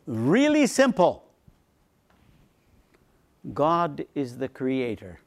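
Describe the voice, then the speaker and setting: Priest guy teaching a seminar, voice jumps all over, goes quiet and low then punchy again. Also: extremely slow. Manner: animated, swings between emphatic lines and quiet low asides; repeats phrases for emphasis. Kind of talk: seminar lecture on faith.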